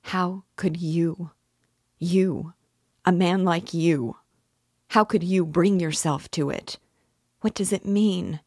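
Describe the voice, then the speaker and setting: Lady reading a desperate young woman, pleading and crying out, slow and low. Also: fairly even intonation, a little mellow, breathy edge, no room sound, studio quality, heavily acted. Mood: anguished pleading. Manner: pleading, tearful, rising to cries.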